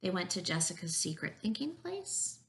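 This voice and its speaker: A woman reading a picture book aloud at a children's story time as a preschool teacher, gentle and encouraging. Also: on the low side, sing-song, normal speed, vocal fry.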